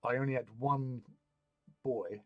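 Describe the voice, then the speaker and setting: A man spins a rambling, colloquial anecdote as a hobby stream host. His voice sits at an ordinary pitch and sounds dry and close. Faint music plays behind him. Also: fairly even intonation, measured pace, no room sound, lo-fi sound. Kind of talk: casual storytelling chat.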